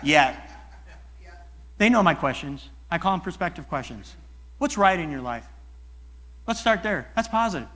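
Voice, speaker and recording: Animated man giving a church talk. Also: fairly high pitch, a little slow, long pauses. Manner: animated, acts out voices in dialogues. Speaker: guest speaker and life coach.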